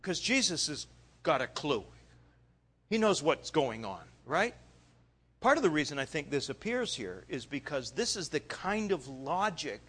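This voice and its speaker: A male preacher retelling a story in a sermon, animated, swinging between loud bursts and quiet asides. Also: on the high side, measured pace, slightly rough.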